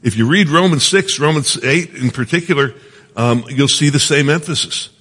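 A man's voice: a little high, moderate pace, a bit bright, breathy edge. A middle-aged man teaching from the Bible in an earnest, conversational way, often checking in with his listeners. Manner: earnest, asks the listeners often, many restarts. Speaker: preacher. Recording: long hall reverb.

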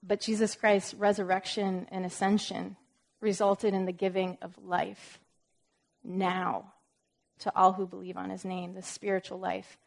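This woman's delivery is completely flat and a bit slow, at medium pitch with vocal fry. Teaching the Bible informally, she emphasizes the scripture she reads aloud, then unpacks it with relaxed, chatty asides.

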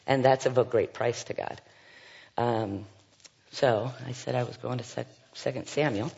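A man's voice: medium pitch, steady tone, a little slow, creaky, darkish tone, husky. A man leading a Bible study, reading scripture aloud and commenting with frequent fillers and asides. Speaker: Bible teacher. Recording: dull sound with long hall reverb.

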